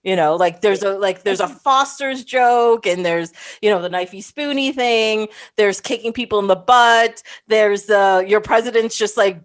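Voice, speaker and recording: A woman hosting a podcast at a middling pitch. She talks loosely and rambles, stringing her thoughts together with many casual fillers. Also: moderate pace, few pauses. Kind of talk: casual chat.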